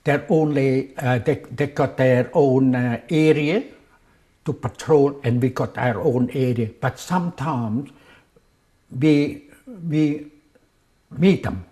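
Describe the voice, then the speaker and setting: A man's voice: medium pitch, takes it slowly, warm tone. An older man remembering in an interview, speaking simple English with non-native phrasing and often repeating words as he searches for them. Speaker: war veteran interviewee. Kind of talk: reminiscing in an interview.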